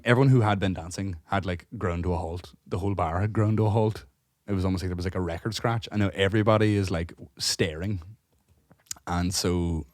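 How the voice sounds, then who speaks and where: A man, co-hosting a podcast and telling a story in casual chat, animated, swearing freely and acting out what people said. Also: low-pitched, no room sound, studio quality. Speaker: podcast co-host.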